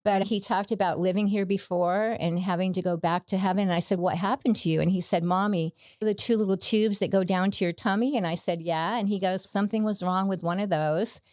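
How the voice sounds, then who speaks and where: A woman's voice: mid-range voice, steady tone, fairly quick, darkish tone, dry recording, clean studio sound. A middle-aged woman, a podcast guest, giving a personal faith testimony in an earnest storytelling way, acting out the quoted dialogue.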